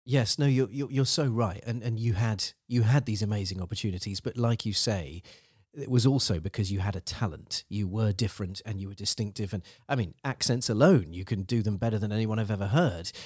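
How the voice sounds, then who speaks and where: A man's voice: lowish voice, fairly quick, darkish tone, slightly rough, no room sound, studio quality. A man hosting a casual podcast interview, agreeable and conversational, asking long winding questions. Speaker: podcast host.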